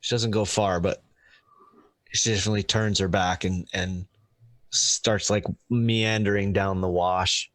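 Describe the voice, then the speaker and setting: Brief: male player, lowish, dry close sound, casual. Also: steady tone, a little slow, fairly bright tone, dry recording. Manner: casual narration with restarts.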